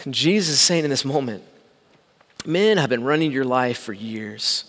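A man pastor giving a conversational sermon, shifting between loud emphasis and quiet asides. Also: mid-range voice, animated, normal speed. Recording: long echo of a large hall.

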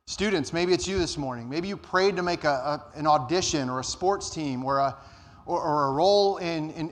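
A man preaching a sermon as pastor, earnest, rising and slowing down to stress his points. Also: fairly bright tone. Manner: earnest, rises in pitch and slows down for emphasis. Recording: church hall reverb.

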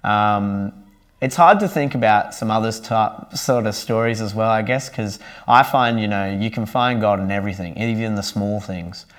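Earnest young man, lowish voice. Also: normal speed. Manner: earnest and conversational. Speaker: church member sharing his testimony. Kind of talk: personal faith testimony, casual speaking.

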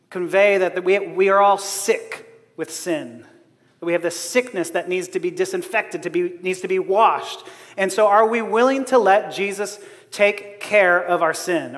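A man with a very high voice delivers a sermon, joking at his own expense and often breaking into laughter. His voice rings with a long reverb, as if he is in a large hall. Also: fairly bright tone. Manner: humorous, self-deprecating, laughs often. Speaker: preacher.

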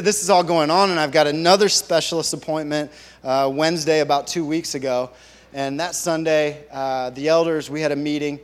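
A man, a church elder, giving a halting, earnest personal testimony to his congregation. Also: on the high side. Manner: halting, earnest storytelling with many restarts. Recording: long reverb of a large hall.

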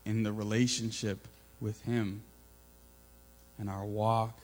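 A man giving an informal, earnest sermon, building to loud emphatic peaks, with a mains hum behind him. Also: on the low side, level tone, takes it slowly, low-quality recording. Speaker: preacher.

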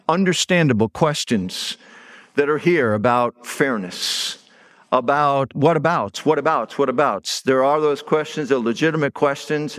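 A middle-aged man preaching a sermon as pastor, telling stories in a conversational way and leaning hard on key words. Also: mid-range voice. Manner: conversational storytelling with stressed words.

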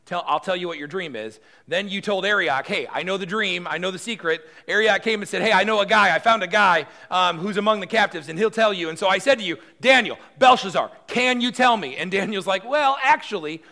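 A man's voice: high voice, big pitch swings, takes it slowly, long pauses, pushed and bright, voice pushed up, exaggerated voice. A pastor voicing an impatient, angry male ancient king who demands straight answers, in an exasperated manner.

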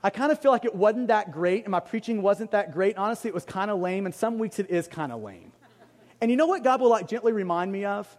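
A man's voice: high-pitched, lively intonation, fast, darkish tone. A pastor preaching a conversational sermon. He jokes at his own expense and drives points home by repeating them. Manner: conversational, self-deprecating, emphatic repetition. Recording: long hall reverb.

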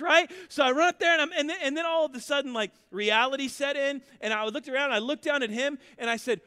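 Male pastor, thirties, storytelling sermon with emphatic repeated lines, high ringing voice, long reverb. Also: fast talker, few pauses, sharp tone. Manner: conversational storytelling preaching, builds to emphatic repetition.

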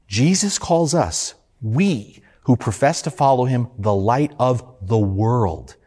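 A man's voice: medium pitch, lively intonation, takes it slowly, darkish tone, husky. A man preaching a sermon, building his points through earnest rhetorical questions and emphatic repetition. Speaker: pastor.

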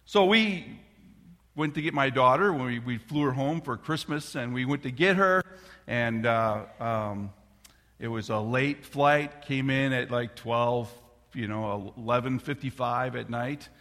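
A middle-aged man preaching a sermon as a pastor, an animated storyteller who talks straight to the congregation. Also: mid-range voice, a little slow. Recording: long reverb of a large hall.

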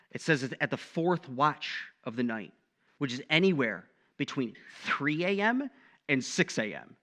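Bright-voiced young man preaching. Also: on the high side. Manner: animated, conversational preaching with frequent "right?" asides. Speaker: pastor. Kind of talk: sermon.

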